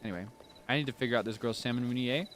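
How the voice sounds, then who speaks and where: Soft-spoken man streaming a game. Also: mid-range voice, rapid-fire, a little hiss or hum. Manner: soft, chatty, thinking aloud. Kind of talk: casual game commentary.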